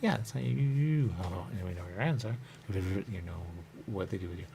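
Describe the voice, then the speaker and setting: A man's voice: on the low side, moderate pace, vocal fry, noisy background. A man hosting a radio show, talking in a rambling, repetitive solo monologue and saying the same catchphrase again and again. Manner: repetitive, drifting, says "there you go" often.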